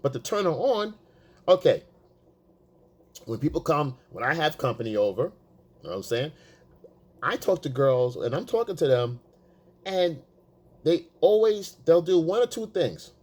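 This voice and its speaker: A man's voice: on the high side, big pitch swings, measured pace, long pauses, a little mellow. A man talking as a dating coach, casual and profane, repeating himself for emphasis. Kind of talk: casual coaching talk to the camera.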